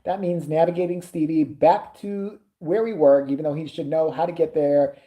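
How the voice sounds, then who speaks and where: A woman vlogger telling a story to camera, animated and full of swearing. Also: deep voice, moderate pace, reverberant, dull audio. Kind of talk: storytime anecdote.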